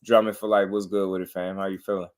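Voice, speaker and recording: A man's voice: low voice, level tone, quick pace. Laid-back man breaking down boxing. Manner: laid-back, repeats "you know what I mean". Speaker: boxing show host. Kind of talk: casual commentary on clips.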